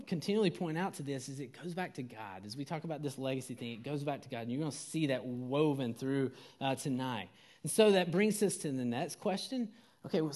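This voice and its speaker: Man, casual sermon, slightly higher voice, loose and conversational. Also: darkish tone. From Georgia, US. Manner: conversational, many fillers and restarts.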